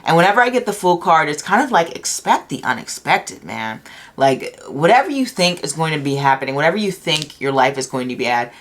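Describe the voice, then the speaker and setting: A woman's voice: low voice, expressive, quick pace, few pauses. A woman giving a casual pick-a-card tarot reading in a chatty, upbeat way, with lots of ums, filmed by a camera on a desk at home. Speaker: tarot reader.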